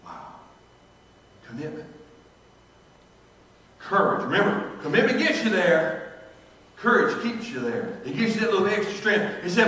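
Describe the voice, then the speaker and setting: A pastor preaching a sermon, telling stories dramatically, his voice swinging from hushed to loud. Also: high-pitched, lively intonation, moderate pace, long pauses, slight background noise. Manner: dramatic storytelling, shifting from hushed to shouting. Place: church sanctuary. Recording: echoey church hall, distant mic.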